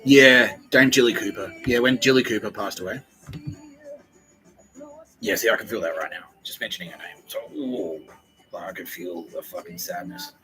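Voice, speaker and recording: A man in casual podcast chat, rambling and earnest, with many fillers, often dropping to a hushed mutter. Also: lowish voice, moderate pace, soft background music, rough recording. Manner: rambling, meandering, heavy on fillers.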